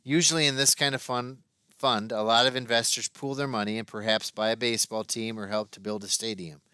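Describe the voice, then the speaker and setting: A man's voice: medium pitch, fairly even intonation, pushed and bright, clear, resonant tone, dry recording, clean studio sound, lightly acted. A man doing a careful, apologetic stockbroker. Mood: explaining. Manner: measured, apologetic explaining.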